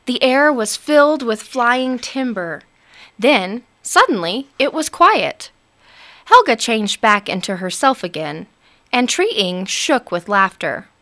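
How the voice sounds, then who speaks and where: A woman narrating a storybook aloud in an expressive, unhurried manner. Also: fairly high pitch.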